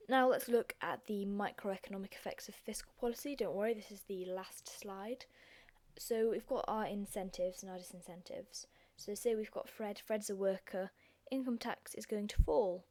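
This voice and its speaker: A young woman with a croaky, hoarse voice, hosting a chatty, self-deprecating revision lesson. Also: mid-range voice, normal speed, darkish tone. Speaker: revision video host.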